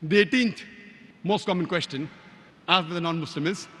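Man, high-pitched lecturer, emphatic, quotes verses by chapter and number, rapid Arabic recitation, long hall reverb. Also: a bit bright, a little hiss or hum. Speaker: Islamic preacher. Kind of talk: religious lecture.

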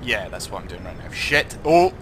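A young Scottish man commentating on his own gameplay, tipsy, sweary and jokey, swinging between muttering and excited shouting. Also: low-pitched, fairly quick, slight background noise. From Scotland. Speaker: gaming YouTuber.

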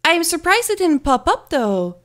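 Woman streamer, high bright voice, giggly and flustered, sick, close desk mic. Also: big pitch swings, normal speed. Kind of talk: casual live-stream chat while gaming.

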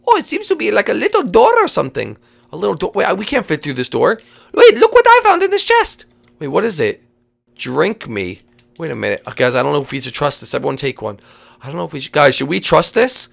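A woman hosting a game role-play, leading her friends in an excitable, bossy way with sudden shouts. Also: deep voice, quick pace, vocal fry, slightly rough. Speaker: host.

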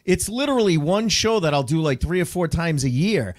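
Podcast host, comedian, man with a slightly high voice, swears freely, dry close mic. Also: animated, a little fast, no echo. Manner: blunt and profane, joking. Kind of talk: casual podcast chat.

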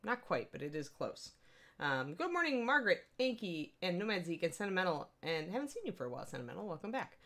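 A woman's voice: lowish voice, big pitch swings, quick pace, a bit bright. A middle-aged woman hosting a casual live-stream painting tutorial, chatty and upbeat, greeting viewers by name. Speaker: miniature painting instructor, stream host.

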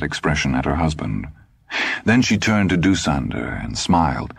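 A man narrating an audiobook in a dry, measured storytelling manner. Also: deep voice, animated, gravelly, breathy edge, no echo. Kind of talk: scripted narration.

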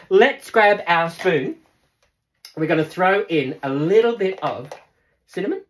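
Woman, casual cooking host, lower voice with lively melody, playful sing-song asides. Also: a little hiss or hum. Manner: chatty, laughs often, talks to viewers. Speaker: cooking demonstrator.

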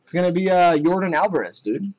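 A young man chatting casually while opening trading card packs on a live break, excited at the hits and muttering asides. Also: high-pitched, brisk, low-quality recording.

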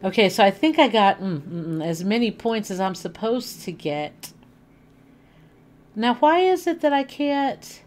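A woman's voice: mid-range voice, a little slow. Chatty woman streaming a video game. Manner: chatty, animated, thinking aloud while playing. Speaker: livestreamer. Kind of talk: casual gaming livestream chat. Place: home living room.

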